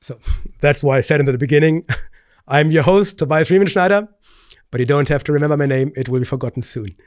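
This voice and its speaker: A man, a pastor hosting a commentary video, speaking earnestly with stammered restarts and rising pitch when indignant. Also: fairly quick, no echo, clean studio sound. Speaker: pastor and host. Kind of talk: video commentary responding to clips.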